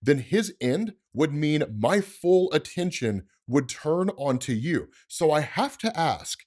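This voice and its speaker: A man voicing a calm, scheming male supervillain who makes slow, low threats. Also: exaggerated voice. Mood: menacing.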